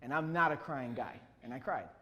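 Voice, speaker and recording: A man's voice: mid-range voice, a little fast, long reverb tail, dull audio. A man from Chicago with a Chicago accent, telling a personal story on stage and acting out the voices of the people in it. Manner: animated storyteller acting out dialogue, frequent "you know". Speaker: speaker telling his life story.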